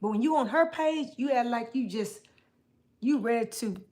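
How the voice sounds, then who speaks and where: A woman's voice: on the high side, moderate pace, mellow. Playful woman chatting on a livestream. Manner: playful teasing, repeats phrases, loose colloquial speech. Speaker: livestream host. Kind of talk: casual livestream chat with viewers.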